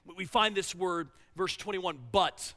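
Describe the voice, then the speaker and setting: A male pastor with a high, bright voice preaches with passion. He swings from loud, urgent lines to soft, hushed ones. The sound carries a long reverb, like a church hall. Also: measured pace. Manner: impassioned preaching, shifting between loud and hushed. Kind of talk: sermon.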